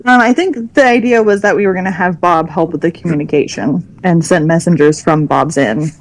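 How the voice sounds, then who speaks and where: A woman's voice: on the low side, a little fast. A woman playing a tabletop game, talking casually and hesitantly with many restarts. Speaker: player.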